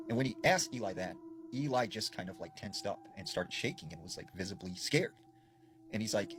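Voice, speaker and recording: A man's voice: on the low side, animated, moderate pace, noisy background. A man telling a scary story in a casual, rambling way, with lots of fillers. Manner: rambling, full of "like" and "you know".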